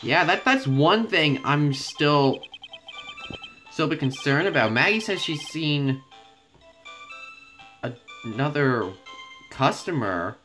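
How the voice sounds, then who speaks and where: A man's voice: on the high side, lively intonation, slow pace, long pauses, bright, forceful tone. A gaming YouTuber, a man, rambles through casual commentary full of swearing. His talk is loose and off the cuff. Game music plays steadily behind him. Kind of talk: casual let's-play commentary.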